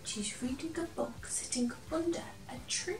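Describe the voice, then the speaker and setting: A woman reading a picture book aloud to children, gentle and expressive, chatting now and then to a toy companion. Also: high-pitched, normal speed, distant mic, music in the background. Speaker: children's storyteller. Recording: roomy echo, from off the mic.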